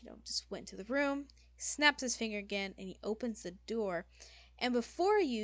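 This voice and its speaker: A woman's voice: mid-range voice, dry recording. A woman game master narrating a tabletop game in a loose, casual way, full of fillers and swearing.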